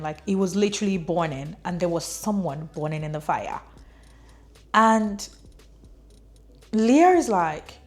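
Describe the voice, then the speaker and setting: A woman giving a casual spoken summary of a novel, chatty, with lots of "like" and small laughs as she retells the story. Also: medium pitch. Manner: chatty, fills speech with "like", laughs while retelling. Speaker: book reviewer.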